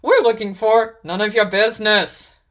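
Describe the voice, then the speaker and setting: A woman voicing a suspicious male half-orc who speaks curtly and gruffly. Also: mid-range voice, moderate pace, fairly bright tone, voice pushed up, lightly acted. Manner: curt, gruff, growling. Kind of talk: storybook character voice.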